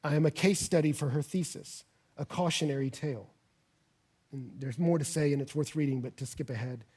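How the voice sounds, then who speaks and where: A male pastor preaching a sermon, earnest, rising to loud emphatic peaks as he reads passages aloud. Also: fairly high pitch, a little fast, husky. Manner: earnest, builds to loud emphatic peaks when reading scripture. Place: church.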